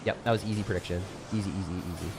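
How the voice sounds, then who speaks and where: A man's voice: low voice, steady tone, rapid-fire, gravelly, background noise. A young man giving casual, chatty gameplay commentary as a channel host. He talks in slang, jokes around and laughs often.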